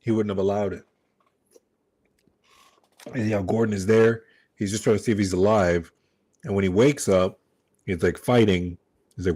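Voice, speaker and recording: A male streamer giving casual watch-party commentary, lively and profane. He jumps between points, swears freely and slips into acted-out lines of dialogue. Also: fairly low pitch, normal speed, long pauses. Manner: animated and profane, acts out dialogue. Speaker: live stream host.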